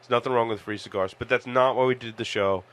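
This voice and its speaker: A man co-hosting a podcast, chatting casually in a relaxed, rambling way with fillers. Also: medium pitch, fast. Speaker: podcast co-host. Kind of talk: casual chat.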